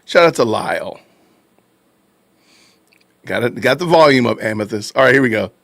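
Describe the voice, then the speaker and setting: A man hosting a podcast livestream, reacting to clips and thanking viewers in animated, casual talk. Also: mid-range voice, moderate pace, gravelly, no echo. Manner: animated, addresses chat casually. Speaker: podcast host. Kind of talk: livestream commentary.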